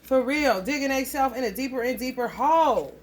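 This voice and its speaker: With a high, animated voice and a fairly quick pace, a woman rambles through a loose astrology reading for her viewers. She's casual, blunt, and swears a lot as she goes.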